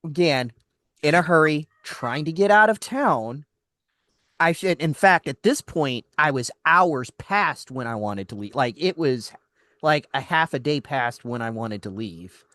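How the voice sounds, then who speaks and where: Male talk host, higher voice with big pitch swings, spins an exasperated story, plays every part himself, dry close mic. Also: unhurried, no echo. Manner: animated, acts out other people's lines in the story; exasperated, laughs between lines. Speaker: radio host. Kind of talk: casual storytelling chat.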